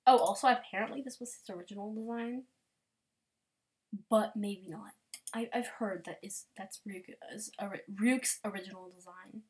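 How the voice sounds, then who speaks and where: Gushing young woman, slow gasping reactions. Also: fairly high pitch. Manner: gushing, gasping, drops to soft whispers; rambling with repeated words. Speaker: vlogger browsing fan art. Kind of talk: casual reaction commentary.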